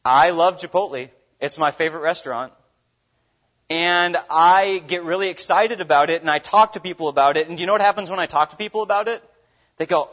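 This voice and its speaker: A man's voice: fairly high pitch, a little fast, a bit bright. A man from Minnesota preaching a sermon as pastor, earnest and full of rhetorical questions. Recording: dull lo-fi recording.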